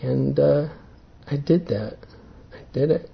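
A man tells his own story to a room, earnest and halting, stopping often to find his words. His voice is gravelly and a little husky, sitting slightly high. The recording is dull and lo-fi. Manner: earnest, halting, many fillers. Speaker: speaker giving a talk. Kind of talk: personal testimony talk.

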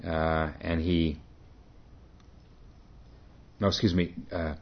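A man, a Zen teacher, telling a story in a dharma talk, pausing often and correcting himself. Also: deep voice, flat delivery. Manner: halting, self-correcting. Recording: dull lo-fi recording.

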